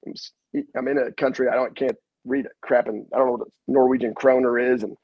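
Husky-voiced man telling animated stories. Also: mid-range voice, quick pace, dry recording, lo-fi sound. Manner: animated storyteller, acts out quotes, salty language. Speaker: head basketball coach, guest. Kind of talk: casual storytelling interview.

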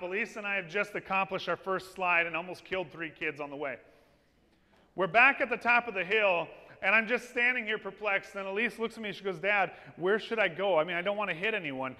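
A man preaching a sermon, telling stories with lively energy and asking his congregation "amen?". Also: sits high, fairly quick. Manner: lively storytelling with call-and-response "amen?". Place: church. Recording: long reverb of a church hall.

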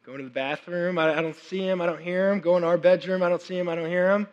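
A worship pastor in his thirties preaches during a church service, mixing the sermon with personal stories in a chatty, animated way full of fillers and restarts. His voice sits high and moves quickly, and he sounds audibly unwell, working to clear his throat. The audio is dull and carries the long reverb of a large hall.

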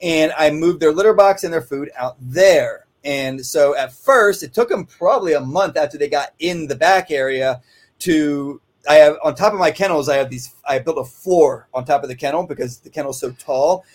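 A man's voice: fairly high pitch, normal speed. A man who trains dogs, talking casually and rambling, often tagging his sentences with "right?". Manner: rambling, conversational, frequent "right?" asides. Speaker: dog trainer. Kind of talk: casual instructional talk. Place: kennel office.

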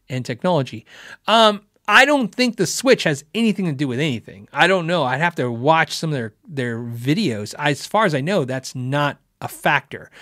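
Animated rambling man hosting a guitar chat. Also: a little high, dry recording, clean studio sound. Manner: rambling, animated, laughs often, acts out quotes. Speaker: host of a live guitar show. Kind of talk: casual live-stream chat answering viewer questions.

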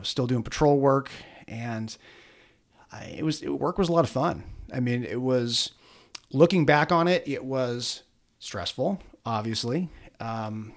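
A middle-aged police officer recounts a hard experience to an interviewer in plain conversation. His delivery is earnest and halting, with frequent fillers and repeated starts. His voice sits at an ordinary middle pitch. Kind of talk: conversational interview, personal story.

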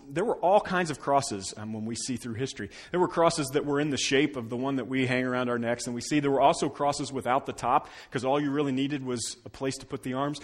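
A man preaching a Good Friday sermon in a conversational, expressive way, dropping to quiet moments for emphasis. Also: medium pitch, breathy edge. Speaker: pastor.

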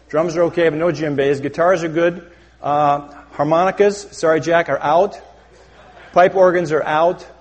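Mock-pompous male pastor in a reverberant sanctuary. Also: mid-range voice. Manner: mock-pompous, deadpan self-important. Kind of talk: satirical sermon. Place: church sanctuary. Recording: long hall reverb.

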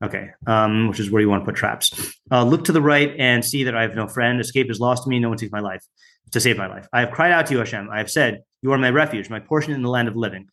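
Male teacher, mid pitch, reads scripture aloud, talks loose and unscripted with lots of ums and asides. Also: quick pace, fairly bright tone. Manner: reads translations, stops often with fillers and asides. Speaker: Bible study teacher. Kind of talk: informal text study, reading aloud.

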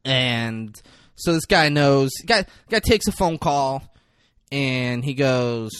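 A man's voice: medium pitch, slow, clear, resonant tone, no room sound, studio quality. A young man chatting casually, retelling a movie with lots of swearing and acting out the characters' lines. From grew up locally. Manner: animated, profane, acts out characters' lines.

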